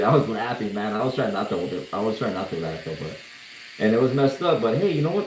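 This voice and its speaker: A man's voice: lowish voice, animated, a little fast, darkish tone, reverberant, slight background noise, poor audio. A man who is a tattoo artist, telling stories on a livestream in a laid-back, slangy, swearing way. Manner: laid-back, slangy, swearing, laughing at his own story. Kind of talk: casual livestream storytelling. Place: tattoo studio during a live session.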